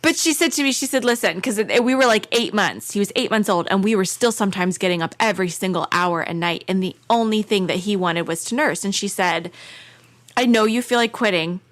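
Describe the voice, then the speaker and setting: A woman's voice: mid-range voice, fairly quick, fairly bright tone. A woman in her thirties, a podcast guest in casual chat, telling stories in an earnest, candid way. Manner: earnest storyteller, candid and frank.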